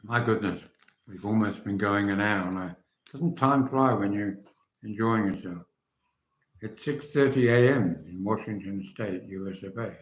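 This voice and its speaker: A man's voice: on the low side, normal speed, echoey room. An older English man hosting a casual livestream, chatting and answering viewers' comments by name. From England. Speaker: livestream host.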